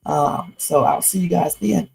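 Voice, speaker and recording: A woman's voice: on the low side, unhurried, vocal fry, dark tone, husky, rough recording. Tired, silly woman signing off a livestream. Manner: playful, silly, loose and rambling. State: tired late at night. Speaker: livestream host. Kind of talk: casual livestream sign-off chat.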